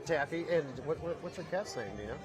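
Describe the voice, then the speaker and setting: A man reporting live from an event, interviewing a guest, talking quickly with halting restarts and fillers. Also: a little high, lively intonation, crowd noise. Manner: fast, halting, with many fillers. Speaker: TV field reporter. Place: collectibles show. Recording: music playing behind.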